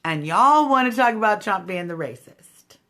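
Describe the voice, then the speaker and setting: A woman's voice: mid-range voice, lively intonation, normal speed, pushed and bright. A woman hosting a casual political livestream, talking straight to her viewers in a snarky, combative way. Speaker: livestream host.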